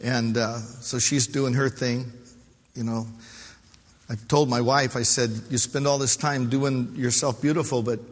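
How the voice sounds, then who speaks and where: A man's voice: mid-range voice, fairly even intonation, a little slow. A man, a pastor, preaching a heartfelt sermon with calls to the congregation. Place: church hall. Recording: live sermon with long hall reverb.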